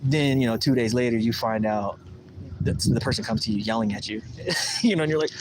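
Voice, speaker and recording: A man's voice: mid-range voice, fast, background noise. Rambling man chatting on a livestream. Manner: rambling, animated, acts out quoted voices. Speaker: livestream host. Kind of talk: casual livestream chat. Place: outdoors at a lake.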